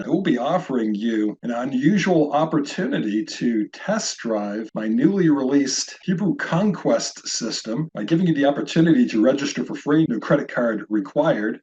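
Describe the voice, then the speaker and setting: A middle-aged man leads an online Biblical Hebrew lesson, breaking words into syllables and pronouncing each one slowly and deliberately. His voice sits at an ordinary male pitch. The recording is slightly muffled and lo-fi. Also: a little mellow. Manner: slow, deliberate pronunciation drills. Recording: slightly dull lo-fi audio.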